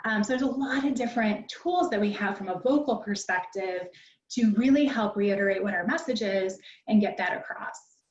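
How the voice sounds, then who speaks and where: A woman teaching presentation skills in a conversational, instructive way, often pausing on "um". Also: mid-range voice, far from the mic, slight background noise. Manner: conversational and instructive, peppered with ums. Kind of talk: online library workshop lecture. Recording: dull, roomy sound from away from the mic.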